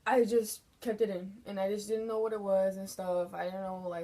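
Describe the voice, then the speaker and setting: A woman's voice: mid-range voice, level tone, fast, dark tone. A young woman vlogger telling a personal story in a frank, casual way, swearing often and filling her talk with "like". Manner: frank, swears a lot, fillers like 'like'.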